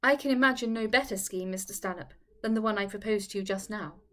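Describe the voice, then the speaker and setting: A woman's voice: mid-range voice, quick pace, close to an everyday voice. A woman voicing Eleanor, a proud young widow who answers haughtily and with sarcasm. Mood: cool.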